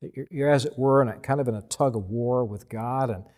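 A man preaching a sermon, earnest and unhurried, repeating words and pausing between phrases. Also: medium pitch, darkish tone. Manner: slow, earnest preaching with repetitions and pauses. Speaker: pastor.

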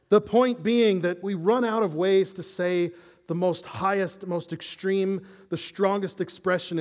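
A man preaching a sermon as pastor, animated and conversational, dropping into hushed awe at times. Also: high voice, big-room sound.

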